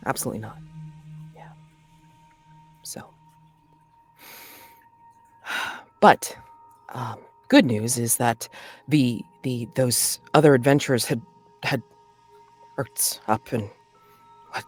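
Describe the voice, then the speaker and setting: Slow, halting game master. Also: medium pitch, slightly rough, faint music behind. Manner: hesitant, many restarts, bursts of excited laughter. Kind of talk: running a tabletop game.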